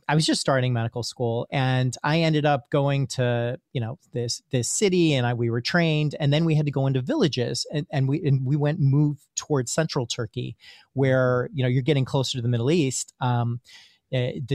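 A man speaks as a guest physician, spinning a story with animated energy and frequent repeated starts. His voice sits at a middle pitch. The recording is dry, with no room sound. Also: dry recording. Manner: animated storyteller, often repeats words while searching for them. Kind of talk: casual podcast conversation.

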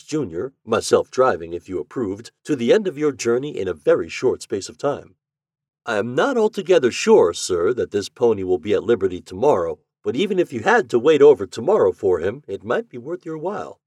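A man's voice: mid-range voice, a little mellow, dry recording, studio quality. A man voicing a polite, deferential hotel servant who keeps dropping his voice on "sir".

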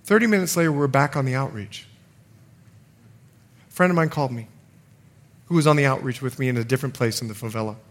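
A man's voice: medium pitch, fast, long pauses. A middle-aged male pastor preaching a sermon, telling a personal story with self-mocking humor and then leading a prayer. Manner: animated storytelling, laughs at himself, drops to quiet prayer.

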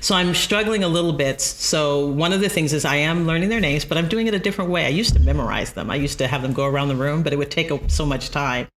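A woman who teaches college math, telling stories in an animated way and laughing easily in a podcast interview. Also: deep voice. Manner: animated storyteller, quick to laugh.

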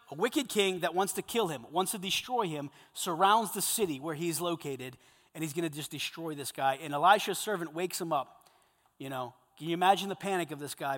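A man preaching a sermon to a group of men, animated, swinging between loud emphasis and hushed intensity. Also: fairly high pitch, a little fast, in a large hall. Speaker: pastor.

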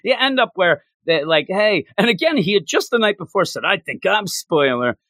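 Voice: mid-range voice, sing-song, fairly quick, a bit bright, dry recording. A podcast host chatting casually about an anime episode, retelling scenes with laughter and acting out the characters' lines. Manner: laughs often while talking. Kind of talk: casual chat.

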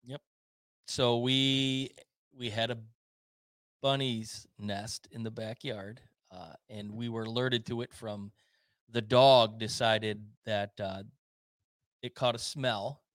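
This podcast co-host, a man with a medium-pitched, slightly bright voice, speaks slowly and with fairly level intonation. He rambles through casual stories packed with fillers and false starts, laughing often, and there's no room sound.

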